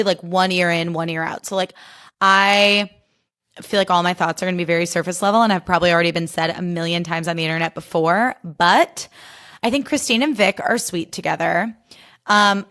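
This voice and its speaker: A woman's voice: mid-range voice, a bit bright. A young woman hosting a podcast, chatting casually and sarcastically, with lots of fillers and swearing. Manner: chatty, fast, sarcastic, swears a lot, heavy 'like' fillers. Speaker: podcast host. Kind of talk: casual chat.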